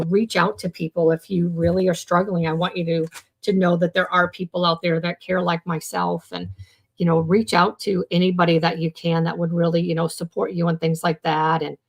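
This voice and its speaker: A woman hosts a casual mental health live stream, chatting with viewers in the comments. She rambles, restarts sentences and fills them with "you know" and "um," her voice sitting on the low side.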